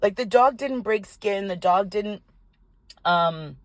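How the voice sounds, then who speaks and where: An older woman, a tarot reader, telling a personal story in an animated, indignant way, with some swearing. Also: mid-range voice, slow pace, dry recording. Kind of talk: casual storytelling vlog. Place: parked car.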